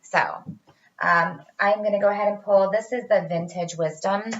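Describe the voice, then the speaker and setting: A woman's voice: mid-range voice, steady tone, a little slow, a bit bright, highs cut off, a little hiss or hum. A woman giving a casual tarot reading to her viewers, chatty and reassuring, talking straight to them. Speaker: tarot reader.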